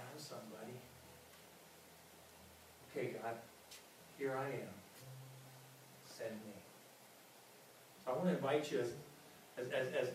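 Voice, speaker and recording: A man's voice: a little high, darkish tone, a little hiss or hum. A man preaching a sermon as pastor, earnest and often repeating his words. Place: large church hall. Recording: very echoey hall, mic from far.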